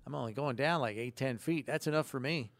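A man's voice: mid-range voice, fairly quick, gravelly, fairly bright tone. A man co-hosting a sports radio show, reading news items and cracking wry jokes in casual chat. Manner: wry, joking asides.

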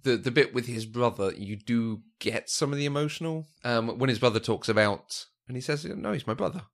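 A man's voice: medium pitch, normal speed. A man co-hosting a film discussion, talking thoughtfully and casually and repeating words as he thinks. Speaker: film review podcast co-host.

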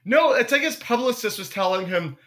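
A young man co-hosting a podcast in casual chat, animated and swearing, breaking into jokey impressions. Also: sits high, brisk. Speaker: podcast co-host.

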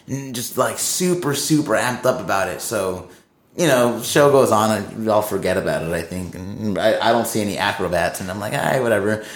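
A band member with a fairly low voice talks briskly, his sound roomy, as he rambles through a tour story in casual conversation. He swears heavily and acts out what people said.

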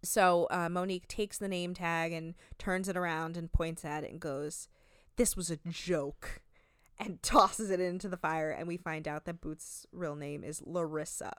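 Chatty woman with a smooth voice. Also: fairly low pitch, fairly even intonation, a bit bright, no echo, studio quality. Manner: chatty, laughs often, quick asides. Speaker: podcast co-host recapping a reality show. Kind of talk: casual chat.

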